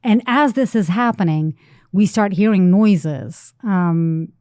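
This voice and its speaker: A middle-aged woman journalist telling an animated story on a talk show, full of restarts and fillers. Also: mid-range voice, takes it slowly, clear, resonant tone, no echo, clean studio sound. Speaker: investigative journalist guest.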